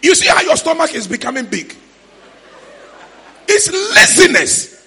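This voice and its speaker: A man with a Ghanaian accent preaching a sermon in church, shouting in a sing-song way with sudden high cries. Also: sing-song, unhurried. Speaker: pastor.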